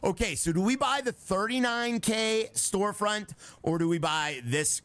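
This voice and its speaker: A man's voice: high-pitched, moderate pace, a bit bright, dry recording. A young man streaming a game live, chatting casually, laughing often and reading out messages from his chat, with music playing behind him.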